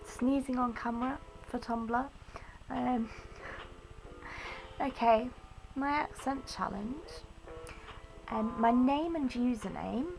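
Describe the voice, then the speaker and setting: A woman's voice: fairly high pitch, very slow, vocal fry, pauses often, soft background music, low-quality recording. A young woman from Norwich, sick with a cold, chatting hesitantly through a challenge video with lots of ums. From Norwich, England. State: ill with a cold. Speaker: vlogger. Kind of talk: casual accent challenge video.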